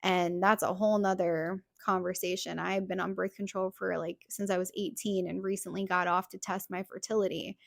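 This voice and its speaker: A woman's voice: on the low side, little pitch movement, moderate pace, gravelly, hardly any pauses, no echo, studio quality. A young woman hosting a podcast, telling a personal story in a casual, chatty way full of "like" fillers. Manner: chatty, heavy use of "like" fillers. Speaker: podcast host.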